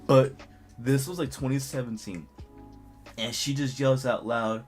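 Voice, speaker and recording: A man, telling a school story in a rambling, animated way full of fillers. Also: mid-range voice, unhurried, pauses often, faint music behind. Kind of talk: casual story time.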